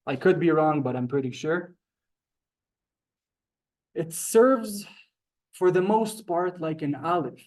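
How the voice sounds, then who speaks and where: A man's voice: a little high, animated, a little mellow. Man teaching a Hebrew class. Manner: halting, repeats words, greets latecomers politely. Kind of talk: live classroom lesson.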